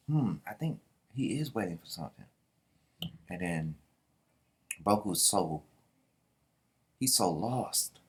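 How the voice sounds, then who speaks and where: A man with a rather low voice reads through a manga chapter and reacts in a slangy, casual way. His pitch swings widely as he talks, but his pace stays slow and unhurried. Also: animated, husky. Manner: slangy, reads the characters' lines out loud in voices.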